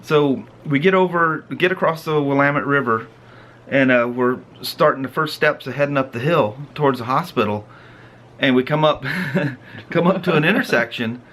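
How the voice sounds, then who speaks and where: A man's voice: medium pitch, moderate pace. A middle-aged man hosting a family vlog, casually telling a story and acting out its moments with laughs. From Pacific Northwest of the US. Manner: animated, laughs and acts out the story. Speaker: vlog host.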